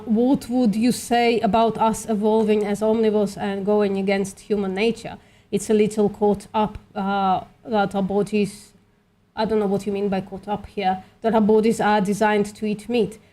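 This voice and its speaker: A livestream host doing outreach calls speaks in a mid-range, darkish female voice that is going a little hoarse. In a casual voice-chat debate, she reasons aloud, her speech full of fillers.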